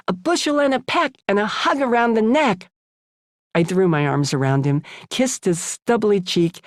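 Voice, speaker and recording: A woman's voice: sits low, a little mellow, no room sound. A woman in her seventies from the United States, reading her own memoir aloud in a frank, sardonic audiobook style on a studio microphone. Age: 70s. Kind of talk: audiobook narration.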